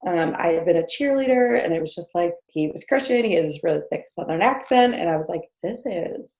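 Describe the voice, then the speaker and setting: A New Jersey woman in her thirties tells a personal story as a podcast guest, speaking fairly quickly in a lowish, darkish voice with lively intonation. Chatty and full of fillers and small laughs, she's recorded in an echoey room.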